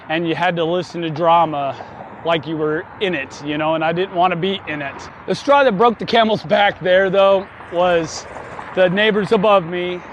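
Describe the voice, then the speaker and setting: A man's voice: sits high, a little hiss or hum. A man telling a story in a casual vlog while riding a bike outdoors, chatty and wry with frequent chuckles. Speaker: vlogger. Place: outdoors on city streets, riding a folding bike.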